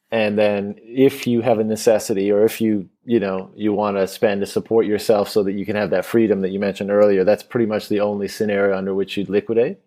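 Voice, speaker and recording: A man hosting a casual interview, asking loose, halting questions. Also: fairly low pitch, dark tone. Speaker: podcast host.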